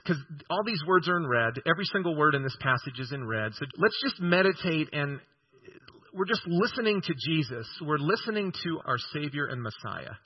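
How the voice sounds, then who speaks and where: A male pastor preaching a sermon, earnest and measured, slowing down to read scripture aloud. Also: on the high side, slightly rough, lo-fi sound.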